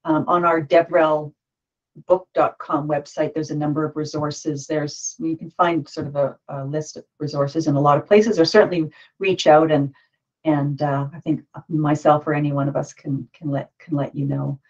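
A woman's voice: deep voice, little pitch movement, moderate pace, darkish tone, lo-fi sound. A woman moderating a panel discussion, thinking aloud with many restarts.

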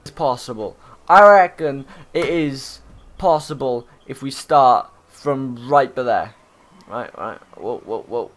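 A young Welsh man giving loud, joking, swear-heavy commentary over his own game footage. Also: mid-range voice, takes it slowly. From Wales. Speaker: gaming YouTuber. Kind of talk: casual gameplay commentary.

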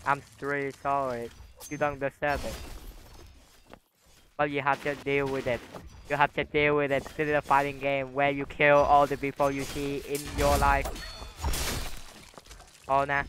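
A man's voice: mid-range voice, completely flat delivery, a little slow, pauses often, fairly bright tone, a little hiss or hum. A young man giving casual gameplay commentary, rambling with lots of fillers, taunting opponents and yelping when hit. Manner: rambling, filler-heavy trash talk with sudden yelps. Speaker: gamer.

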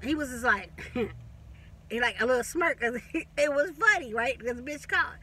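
Bright-voiced woman telling a story. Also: sits high, measured pace, far from the mic, a little hiss or hum. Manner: animated, repetitive, profane, laughing storyteller. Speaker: vlogger. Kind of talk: casual storytelling.

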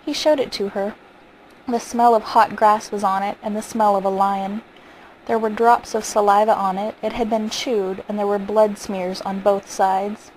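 A woman reading a short story aloud in a calm, measured storytelling manner. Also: mid-range voice, slight background noise, poor audio. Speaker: reader.

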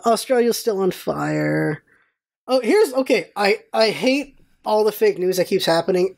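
A woman hosting a casual vlog, telling stories in an animated, rambling way with exclamations and some swearing. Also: mid-range voice. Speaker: vlog host.

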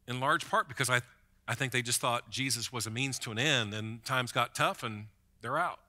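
Bright-toned pastor preaching conversationally. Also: male voice, medium pitch, moderate pace. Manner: conversational preaching, repeats words when starting a thought. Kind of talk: sermon.

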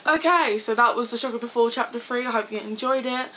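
A woman vlogger wrapping up a read-along, talking casually and haltingly with pauses. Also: on the high side, bright, forceful tone, slight background noise, low-quality recording. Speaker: book reader and vlogger. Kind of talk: casual sign-off to camera.

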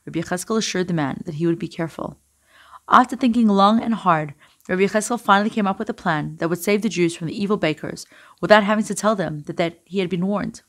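Gentle woman reading a children's story. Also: lowish voice. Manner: expressive, gentle storybook delivery.

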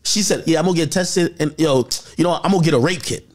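A man telling a personal story in casual chat, animated and full of slang, acting out what others said. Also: on the high side, fast. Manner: animated, acts out quotes with slang.

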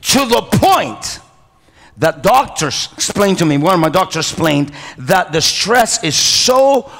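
A male pastor preaching a sermon. He calls for amens and praise and often pauses and restarts with non-native phrasing. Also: high voice, big pitch swings, a bit bright. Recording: reverberant church hall.

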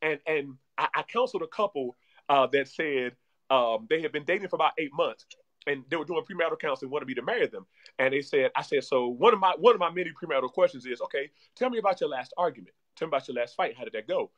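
A man speaking as a guest relationship coach in animated podcast talk, energetic and repeating himself like a preacher. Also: on the high side, fast, lo-fi sound.

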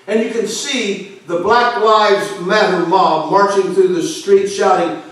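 High-voiced preacher man in an echoey church. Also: fairly even intonation, slow pace. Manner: emphatic, forceful preaching with sudden drops in volume. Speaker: pastor. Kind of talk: fiery sermon. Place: church sanctuary. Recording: echoey church hall from far off.

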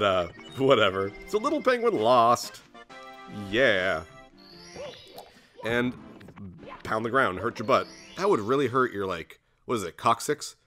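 A young man narrating his own platform game run with jokey, excitable commentary. His bright voice swings widely in pitch, and faint music plays underneath. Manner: jokey, excitable, jumps into squeaky put-on voices. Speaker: let's play host. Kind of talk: gameplay commentary.

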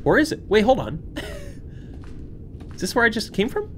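Young man, horror game let's play, lively voice, jumpy, hushed to yelping, noisy background. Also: extremely high pitch, a little slow. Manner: jumpy, swings from hushed muttering to yelps. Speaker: gaming channel host. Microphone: desk microphone.

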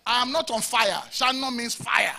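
A man's voice: very high voice, moderate pace, creaky, bright, forceful tone. A Nigerian pastor preaching a sermon to his congregation, with emphatic, rhetorical questions. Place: church service before a congregation.

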